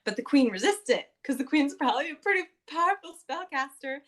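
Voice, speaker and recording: A woman with a fairly high voice tells the story of a tabletop game session. She talks casually and chattily, with lots of fillers, and acts out quotes along the way. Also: animated, brisk. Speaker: podcast host recapping a tabletop game session.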